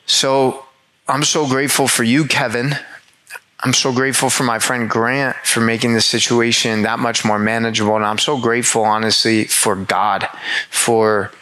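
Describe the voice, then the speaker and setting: A man with a bright, forward voice speaks straight to his listeners in an earnest motivational monologue. He leans hard on repetition for emphasis and is heartfelt throughout. Now and then he drops a casual swear word into the sincerity. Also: mid-range voice, flat delivery, moderate pace, low-quality recording.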